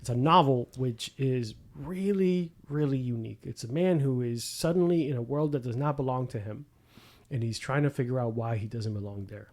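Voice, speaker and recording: A man's voice: mid-range voice, normal speed. Male podcast host, casual and profane, acts out quotes while he tells stories. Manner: profane, animated storytelling with acted-out quotes. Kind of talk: casual chat.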